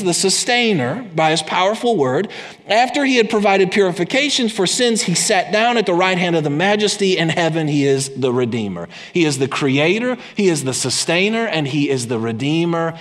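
Impassioned preacher man in a reverberant hall. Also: sits high. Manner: impassioned, swings between loud emphasis and quiet intensity. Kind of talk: sermon.

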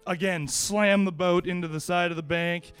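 Man with a high, smooth voice, casual anecdote, lively and laughing, faint music behind. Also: moderate pace. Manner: lively, laughs often, many restarts. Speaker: storyteller.

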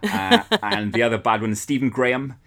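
A man's voice: medium pitch, sing-song, brisk, gravelly, fairly bright tone. A man co-hosting a podcast, giving blunt, swear-filled, scathing movie verdicts in casual chat. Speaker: podcast co-host.

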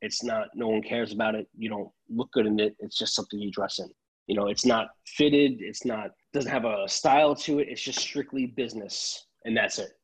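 A man's voice: lowish voice, fairly even intonation, moderate pace, husky, rough recording. A man, a tailor chatting casually on a podcast, rambling and restarting his sentences.

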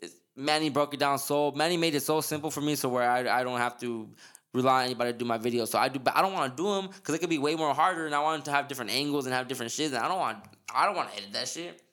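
A man hosting a podcast, rattling off his thoughts at a fast clip. He rambles in casual slang and keeps restarting his sentences. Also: medium pitch, fairly bright tone. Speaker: podcast host. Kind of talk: casual chat.

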